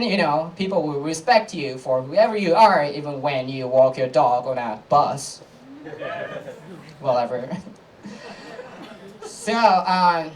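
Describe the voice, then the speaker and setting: A man from Japan with a Japanese accent, a native Japanese speaker performing a stand-up comedy set on a live club stage, landing deadpan punchlines with laughing asides. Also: fairly high pitch, distant mic, slight background noise, poor audio.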